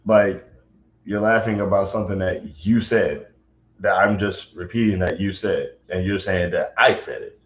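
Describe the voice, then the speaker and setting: A man's voice: sits low, normal speed. A man livestreaming, talking agitatedly and rambling with lots of fillers. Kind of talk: casual livestream chat. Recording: roomy, dull lo-fi sound.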